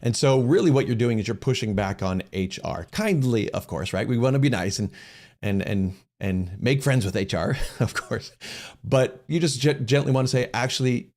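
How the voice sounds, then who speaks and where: A man's voice: lowish voice, darkish tone. A middle-aged man hosting a question-and-answer session, explaining things in a casual, conversational way, often restarting phrases and acting out quoted dialogue. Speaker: host answering viewer questions.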